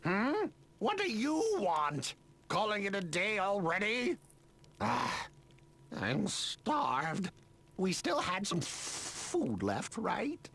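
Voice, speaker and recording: Play a pompous, stammering expedition boss at the very top of your range, gravelly and grating. Stay slow and swing your pitch wildly, outraged by everyone around you. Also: male voice, wildly swooping pitch, fairly bright tone, full character voice. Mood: grumbling. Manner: stammers, bossy and indignant. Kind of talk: video game voice acting.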